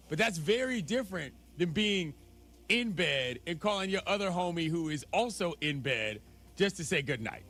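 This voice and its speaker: A man hosting a sports talk radio show, joking and quick in casual banter. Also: sits high, fairly bright tone. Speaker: radio host.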